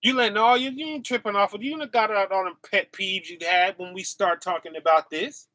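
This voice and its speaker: High-voiced, bright preacher man, slow talk. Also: dry recording. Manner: preachy, animated, calls out to viewers, laughs often. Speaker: preacher and livestream host. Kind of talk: casual livestream sermon.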